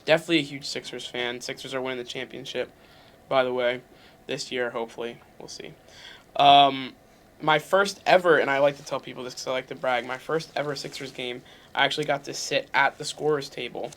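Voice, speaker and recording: A man's voice: medium pitch, fairly even intonation, a bit bright. A man in his twenties, a guest on a hot wing interview, joking about himself while talking through bites of spicy food. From Pennsylvania, USA. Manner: joking, self-mocking, quick asides. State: eating spicy wings, talking while chewing. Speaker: interview guest, university staff. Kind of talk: casual chat over a hot wing challenge.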